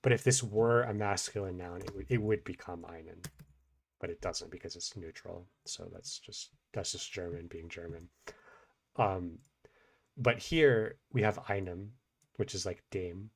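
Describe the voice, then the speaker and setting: A man explaining grammar in a relaxed, unscripted way, thinking aloud with many fillers and restarts. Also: low-pitched, a little slow, vocal fry. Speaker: language teacher.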